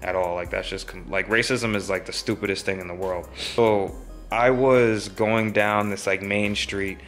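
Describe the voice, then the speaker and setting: A man's voice: on the low side, steady tone, normal speed, a bit bright, faint music behind. A young man vlogging, telling a story in a rambling, casual way with many fillers.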